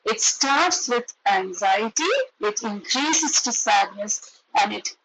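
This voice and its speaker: A woman's voice: medium pitch, expressive, slow, a bit bright, a little hiss or hum, poor audio. A woman with an Indian English accent giving an earnest parenting talk, explaining points and acting out exchanges between parents and children. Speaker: parenting educator.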